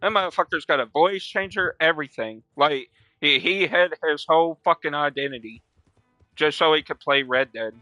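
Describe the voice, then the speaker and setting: A young man streaming a game, telling stories in casual, profane slang, breaking into loud quoted voices. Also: a little high, moderate pace, no echo, soft background music. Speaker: gaming streamer. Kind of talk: casual storytelling while playing.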